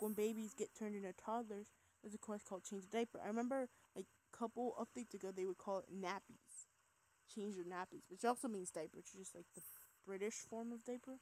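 A woman's voice: medium pitch, a little mellow. A young woman in casual gameplay commentary, chatty and giggly, her voice tired, rambling and sometimes dropping to a whisper. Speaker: gameplay video host.

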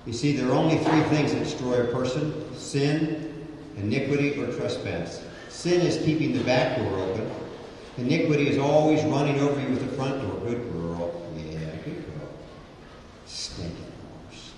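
A man's voice: medium pitch, moderate pace, a little mellow, slight background noise. A man preaching a sermon while working with a horse, emphatic, with dramatic swings in pace. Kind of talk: sermon with live horse demonstration. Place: indoor horse arena. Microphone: distant mic. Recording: distant mic in echoey arena.

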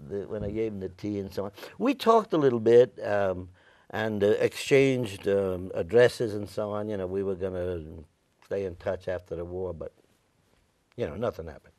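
An elderly veteran from Staten Island, New York, reminisces in an oral history interview with a rough, gravelly voice that sits a little low. He wanders through his story and acts out the other people's lines as he goes. The recording is close and dry, with no room sound. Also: darkish tone, dry recording. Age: older; 90s.

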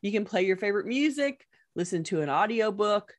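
A woman's voice: medium pitch, lively intonation, a little fast. Chatty woman host telling stories. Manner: chatty, laughs often, tells stories. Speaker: professional organizer, podcast host. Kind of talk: casual chat.

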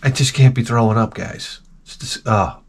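A man's voice: mid-range voice, fairly even intonation, moderate pace. A middle-aged man telling rambling, self-mocking stories with casual swearing as a video host.

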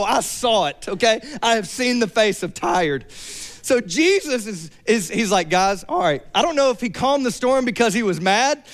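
A young adult man preaching a sermon, lively and joking with playful asides. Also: very high voice. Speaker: pastor.

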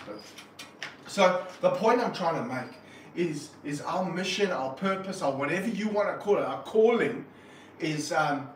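A man with a fairly high voice speaks earnestly and passionately about animals as a wildlife presenter on a livestream. His voice sounds set back from the mic, with a roomy echo around it. Faint background hum sits underneath. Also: recorded from a distance. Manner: earnest, passionate, animated while handling snakes. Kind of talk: casual livestream talk.

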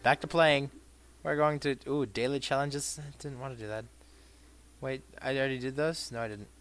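A young man giving crude, profane commentary over a shooter game, swinging between mumbled asides and shouted bursts. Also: medium pitch, fairly even intonation, a little fast, soft background music. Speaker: gameplay commentator. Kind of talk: let's play commentary.

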